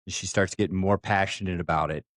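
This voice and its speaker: Low-voiced man animatedly telling a story. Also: normal speed, fairly bright tone, dry recording, clean studio sound. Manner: acts out quoted voices, takes firm stances. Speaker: podcast co-host. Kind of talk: casual chat, animated storytelling.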